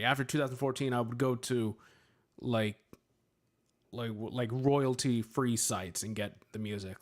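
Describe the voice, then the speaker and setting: A man chatting casually on a livestream, answering questions in a rambling way, with lots of filler words, and joking at his own expense. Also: medium pitch. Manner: playful, laughs at himself. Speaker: streamer answering chat questions.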